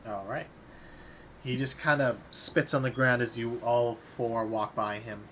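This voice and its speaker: A man narrating as game master, describing scenes in a relaxed, easygoing way. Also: mid-range voice, a little slow, a little hiss or hum.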